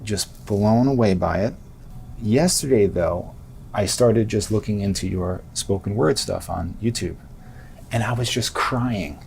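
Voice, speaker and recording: A man's voice: lowish voice, a little slow, gravelly, darkish tone, a little hiss or hum. A man hosting a podcast, interviewing a guest in an effusive, rambling way and often cutting himself off mid-sentence. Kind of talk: enthusiastic interview talk.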